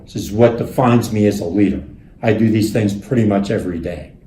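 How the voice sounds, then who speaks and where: A man voicing a group of pushy male company presidents who shout indignantly. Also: on the low side, reverberant, a little hiss or hum, natural voice. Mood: proud boasting. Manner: loud, indignant, fast.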